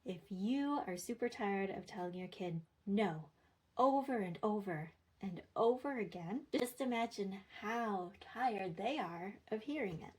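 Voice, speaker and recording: A woman's voice: mid-range voice, animated, a little slow, darkish tone, slightly rough, low-quality recording. A young woman talking through parenting advice in a chatty, playful way, like a scripted talk to a friend. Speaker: parenting content creator.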